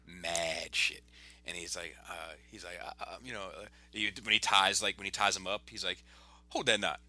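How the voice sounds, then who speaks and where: A man's voice: low voice, moderate pace, no echo. A man hosting a casual podcast chat, telling stories in a loose, swearing way. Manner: animated, swearing storyteller.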